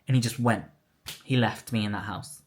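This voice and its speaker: A woman's voice: extremely low pitch, steady tone, moderate pace, a little mellow. A woman telling a personal story in a candid, emotional vlog, acting out what others said. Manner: candid, emotional retelling with quoted dialogue. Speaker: vlogger.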